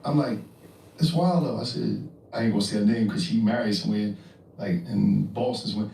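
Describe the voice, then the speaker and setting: Animated man telling stories, echoey and distant. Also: fairly low pitch, fast, creaky, slight background noise. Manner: animated, acts out voices in his stories; frequent profanity and slang. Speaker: interview guest. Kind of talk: casual storytelling. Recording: echoey room, distant from mic.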